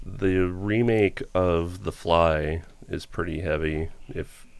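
A man with an extremely deep, gravelly voice. He speaks in a flat, level way and chips into the casual chat with short, measured remarks. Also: no room sound.

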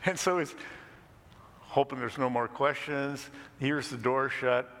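A man's voice: medium pitch, measured pace. A pastor telling a story in a sermon, chuckling as he goes. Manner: lively storyteller who chuckles between lines. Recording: long hall reverb.

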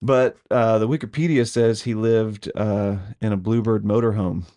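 Man, low voice, podcast co-host, casual chat, hedging, laughs a lot. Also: fairly even intonation, mellow. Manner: hedging, laughs often, pauses with ums.

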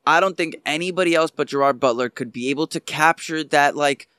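A man's voice: fairly high pitch, a little fast, pushed and bright, clean tone, no room sound, studio quality. A man co-hosting a casual movie chat, rambling and stopping to search for names mid-sentence. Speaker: podcast co-host.

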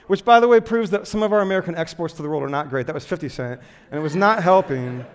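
A man giving a sermon, telling a self-deprecating personal story in a lively way with lots of filler words before turning to teaching. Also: fairly high pitch, fast, big-room sound. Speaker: pastor.

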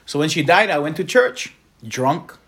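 A man's voice: on the high side, big pitch swings, normal speed, creaky, a bit bright. A man tells his conversion testimony with earnest, heartfelt feeling. His voice sits a little above the usual male register, and he speaks as a working evangelist addressing a congregation. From Hawaii. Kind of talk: personal testimony.

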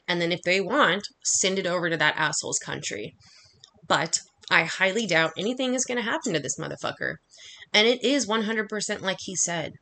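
A woman delivering an angry, profanity-laced monologue, talking fast and heatedly. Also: on the low side, bright, forceful tone. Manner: heated, swearing constantly, rapid rant.

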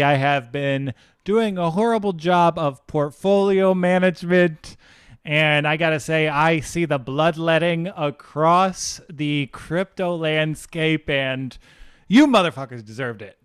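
Male podcast co-host, high, clean voice, dry close mic; exasperated comedic ranter. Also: fairly even intonation, a little slow, a bit bright, smooth, no echo. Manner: emphatic, exasperated, profane. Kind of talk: comedic ranting podcast chat.

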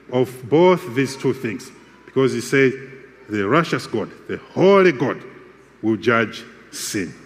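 A man preaching a sermon with a measured, emphatic delivery and repeated phrases. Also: mid-range voice, in a large hall.

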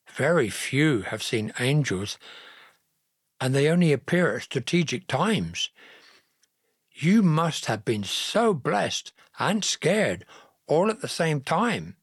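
A man's voice: fairly high pitch, sing-song, slow pace, husky, no room sound, clean studio sound, exaggerated voice. Man doing an urgent young betrothed man. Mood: awed. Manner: rising, urgent questioning.

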